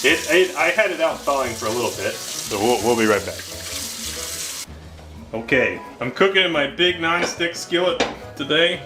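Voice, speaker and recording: A man hosting a casual cooking vlog in his home kitchen, with goofy, deadpan wordplay. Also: on the high side, moderate pace. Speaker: cooking show host. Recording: music playing underneath.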